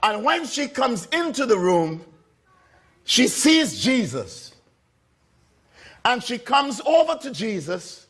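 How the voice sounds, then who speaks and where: A man's voice: extremely high pitch, very animated, takes it slowly, long pauses, a bit bright, breathy edge. A man preaching a sermon, telling a story with repeated phrases and acting out the voices of the people in it. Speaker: pastor.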